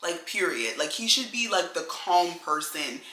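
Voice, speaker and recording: Young woman, co-host, blunt casual talk, bright voice, roomy echo. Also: moderate pace. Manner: animated, blunt, filler-heavy with "like" and "low-key". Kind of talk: casual chat, giving advice to young women. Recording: echoey room.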